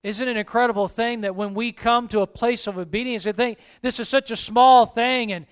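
A male pastor with a high, smooth, resonant voice delivers a sermon. He swings between emphatic, rising calls and quiet, soft asides. His tone stays preacherly throughout. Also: fairly even intonation, fairly quick.

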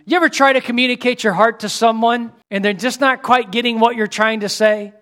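A middle-aged male pastor preaching a sermon with dynamic delivery, swinging between loud exclamations and hushed lines. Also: extremely high pitch, fairly even intonation, brisk.

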